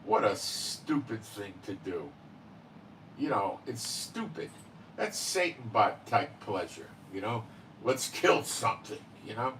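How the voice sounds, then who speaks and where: A man's voice: lowish voice, very animated, slow pace, a bit bright, recorded from a distance, slight background noise, poor audio. A man hosting his own channel, talking in a rambling casual monologue full of fillers and "okay?" tag questions. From Israel. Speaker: channel host.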